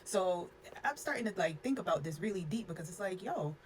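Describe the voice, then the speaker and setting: A young woman rattles through a personal storytime at a quick clip, frank and unfiltered, leaning on "like" as she goes. Her voice sits low for a woman. A faint hiss runs underneath. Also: lively intonation. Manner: frank, unfiltered, sprinkles in "like" and cussing. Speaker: storyteller vlogger. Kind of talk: casual storytime.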